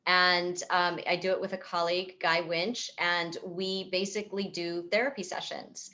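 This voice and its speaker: A woman psychotherapist with a fairly low voice speaks over a video call. She explains ideas thoughtfully, circling back and restarting her sentences as she goes. Her talk comes across as calm and considered. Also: normal speed, muffled recording. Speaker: psychotherapist and author. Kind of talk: virtual event talk, answering a host's questions.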